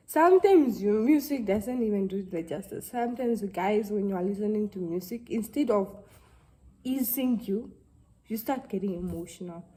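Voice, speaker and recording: A young woman, talking to camera in a halting, heartfelt way and close to tears. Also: fairly high pitch, mellow, low-quality recording. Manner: halting, heartfelt, with many restarts. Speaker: vlogger. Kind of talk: casual talk to camera.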